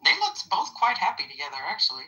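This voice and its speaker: A woman's voice: mid-range voice, big pitch swings, fast talker, pushed and bright. A woman in her fifties chatting casually on a live panel, rambling with many fillers. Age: 50s. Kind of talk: casual chat. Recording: phone-like line.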